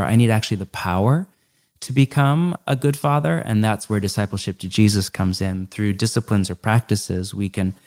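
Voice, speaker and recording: A middle-aged man, a guest author in a podcast interview, explaining ideas earnestly and stacking them in quick lists. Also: fairly low pitch, darkish tone.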